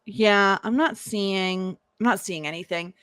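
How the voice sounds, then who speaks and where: A woman hosting a podcast, chatting casually about a TV episode, animated and laughing often as she acts out lines. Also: mid-range voice, a little slow, clear, resonant tone, no echo, clean studio sound. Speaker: podcast host. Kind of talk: casual chat recapping a TV episode.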